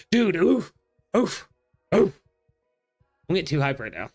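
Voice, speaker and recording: An excitable male host chats about a manga in a high, lively voice that swings widely. He exclaims and laughs often over faint background music. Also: a little slow. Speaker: host of a manga discussion show. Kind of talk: casual chat and manga reading.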